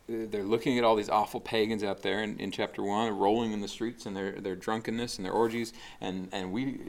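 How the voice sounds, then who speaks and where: This casual sermon comes from a man whose voice is very low and gravelly. He keeps it conversational and relaxed, with many fillers and restarts, more like a pastor teaching than performing.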